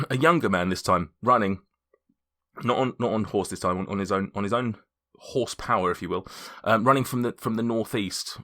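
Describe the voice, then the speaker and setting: A low, bright-voiced man runs a tabletop game, narrating the scene. He stumbles and restarts his phrases often as he describes the action. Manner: halting, many restarts. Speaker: game master.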